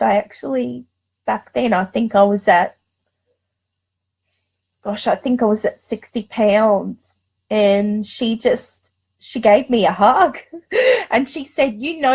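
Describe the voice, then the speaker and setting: A woman's voice: fairly high pitch, darkish tone, poor audio. Tearful woman. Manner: emotional, tearful, confiding; rambling with many restarts and fillers. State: close to tears. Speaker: vlogger. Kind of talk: personal storytelling vlog.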